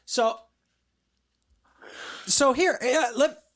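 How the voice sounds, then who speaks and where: A man's voice: very high voice, extremely slow, a bit bright. A man co-hosting a casual podcast chat about a movie, rambling with restarts and mimicking other people in quotes. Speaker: podcast co-host.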